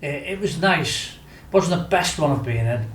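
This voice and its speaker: A man's voice: a little high, expressive, moderate pace. A man with a Scouse accent telling stories in casual chat, rambling and full of fillers. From Liverpool, England. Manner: rambling, fillers like "do you know what I mean". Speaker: guest storyteller. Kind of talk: casual storytelling. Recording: echoey room with faint noise.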